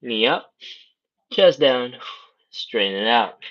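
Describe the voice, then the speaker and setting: Guy calmly talking folks thru a stretch routine, counting breaths, kinda muffled lo-fi sound. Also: mid-range voice, slow pace. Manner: calm, coaching, counting breaths and reps. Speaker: stretching instructor. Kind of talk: live workout instruction. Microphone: livestream setup.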